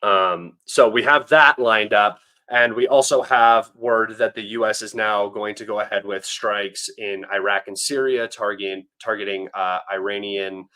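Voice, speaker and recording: A young American man talks through a casual livestream in a fairly low voice. He rambles, stops and restarts his sentences, and fills the gaps with ums and uhs. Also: bright, forceful tone. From United States. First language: English. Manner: rambling, many fillers and restarts. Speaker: livestream host.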